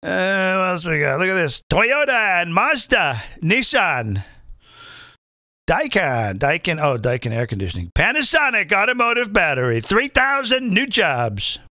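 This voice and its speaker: A man's voice: high voice, big pitch swings, a little slow, sharp tone, no echo, studio quality, exaggerated voice. A man doing an impression of a brash president reading his own tweets, boastful and emphatic.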